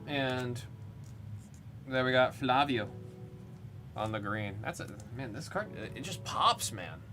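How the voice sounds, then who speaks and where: Hosting a live card break stream, a man with an average-pitched voice talks slowly and loosely, naming cards as he opens packs. He wanders between side stories and card reads in a relaxed way while background music plays clearly under him the whole time.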